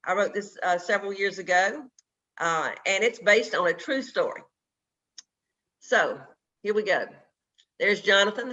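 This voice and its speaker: A man leads an online worship service, speaking earnestly and pausing often with fillers. his voice is high and very bright. the sound is dull and lo-fi, as it comes over a video call. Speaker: worship leader. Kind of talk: sermon storytelling. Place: home, indoors, on a video call.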